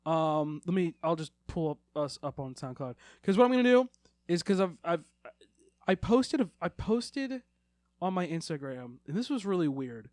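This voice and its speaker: A man's voice: fairly high pitch, sing-song, moderate pace, a little mellow, dry recording, studio quality. A man co-hosting a podcast in loose, rambling casual chat, swearing now and then. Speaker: podcast co-host.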